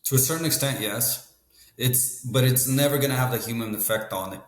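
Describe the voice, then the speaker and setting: A man's voice: medium pitch, a little fast. A man talking as a guest about the car business, matter-of-fact, often adding "right?" at the ends of sentences. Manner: matter-of-fact, leans on tag questions like "right?". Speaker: guest, car dealership expert. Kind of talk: casual interview talk. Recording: roomy echo.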